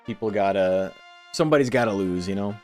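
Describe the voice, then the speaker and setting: A man's voice: lowish voice, a little fast, faint music behind. A man from Toronto, hosting a game tournament stream and chatting casually between matches. He rambles from one story to the next, swears freely and laughs between anecdotes. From Toronto, Canada.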